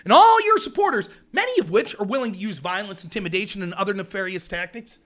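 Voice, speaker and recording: A man hosting a political commentary livestream, ranting in an animated, sarcastic way. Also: high-pitched, fast talker, few pauses. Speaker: host.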